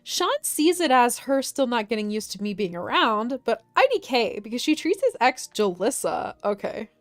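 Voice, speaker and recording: Woman streamer with a slightly high voice, reads posts aloud with laughing asides. Dry, close mic, faint music underneath. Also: very animated, moderate pace, dry recording. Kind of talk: casual group chat on a livestream.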